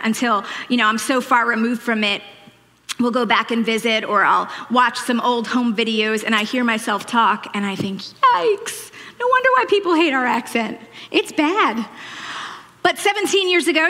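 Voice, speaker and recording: A woman's voice: on the high side, pushed and bright, long reverb tail. A woman in her forties from Long Island, New York, with a faded Long Island accent, giving a chatty, self-deprecating Mother's Day sermon from a church stage. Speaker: church speaker.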